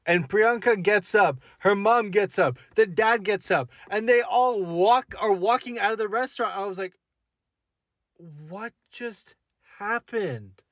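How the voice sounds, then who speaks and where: A man's voice: high-pitched, normal speed, few pauses, fairly bright tone, dry recording. A young adult man, a content creator, animatedly retelling a story with self-mocking asides. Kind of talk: storytelling to camera.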